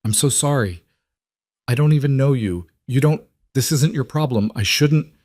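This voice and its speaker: A man voicing a frightened young single mother, crying and breathless, in halting sentences. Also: mid-range voice, sing-song, darkish tone, no room sound, studio quality. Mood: apologetic.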